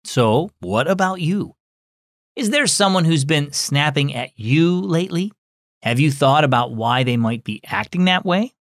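A man's voice: on the high side, animated, a little slow, dry recording, clean studio sound. A man hosting a children's devotional program, friendly and encouraging as he speaks to kids. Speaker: host.

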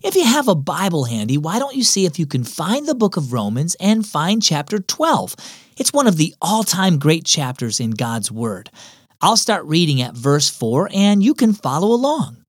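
A man's voice: fairly high pitch, big pitch swings, moderate pace, slightly rough, no room sound. A man hosting a children's devotional program, narrating a story in a friendly, encouraging way into a close studio mic. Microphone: studio mic, dry close sound.

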